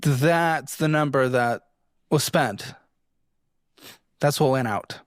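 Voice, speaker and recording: A man's voice: mid-range voice, slow pace, no room sound, studio quality. A man hosting a show that gives financial advice, grilling a guest bluntly with exasperated insults. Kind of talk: confrontational interview.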